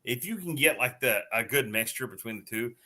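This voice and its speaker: A man hosting a casual live stream, chatting with co-hosts and telling lively stories with plenty of laughter. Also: medium pitch, a little fast. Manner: animated storyteller, laughs often.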